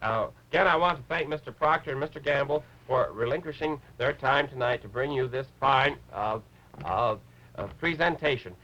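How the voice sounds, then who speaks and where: A man voicing a bumbling male rabbit puppet who gives a lecture, halting and clearing his throat. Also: medium pitch, sharp tone, dull audio. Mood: flustered. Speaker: puppet character on a TV show.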